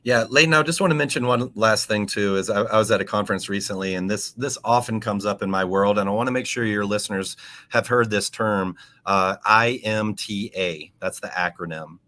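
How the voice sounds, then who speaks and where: A man talking as a guest in an interview, explaining things in a teacherly way and spelling out terms slowly. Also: lowish voice, sharp tone. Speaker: aquaponics educator and podcast guest.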